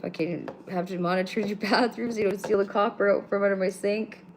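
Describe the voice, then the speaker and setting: Canadian woman hosting a home livestream; blunt, profane, teasing, mid-pitched, faint background hiss. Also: steady tone, brisk. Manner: blunt and swears freely, teasing her chat. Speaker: livestream host. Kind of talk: casual livestream chat with viewers. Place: home room with pets.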